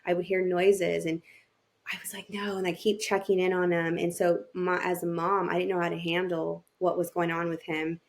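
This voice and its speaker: Low, gravelly-voiced woman telling her story. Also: level tone, moderate pace. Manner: open and emotional, acts out her own past thoughts. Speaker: podcast guest, family therapist. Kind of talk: candid personal storytelling.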